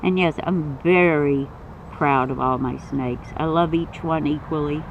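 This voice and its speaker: Outdoors in a yard, a man films his pets for his vlog, chatting fondly about his pet snake and cooing at it in a higher voice. He speaks at a measured pace with fairly even intonation and vocal fry, on slightly dull lo-fi camera audio with faint outdoor noise.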